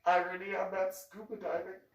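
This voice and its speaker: Talking a little fast in a mid-range voice, a woman vlogger rambles casually through a personal anecdote with plenty of laughter. The room is echoey and she's positioned far from the microphone.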